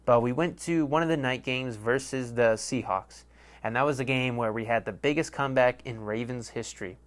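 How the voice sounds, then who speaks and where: A man's voice: mid-range voice, moderate pace. Rambling, cursing young man podcaster. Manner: rambling, profane, self-mocking. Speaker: podcast host. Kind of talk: casual rambling monologue.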